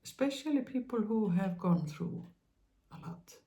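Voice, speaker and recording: On her spiritual channel, a woman speaks in an expressive, mid-range voice. Her monologue is gentle and halting, with many pauses and fillers, as she tenderly reassures her listeners.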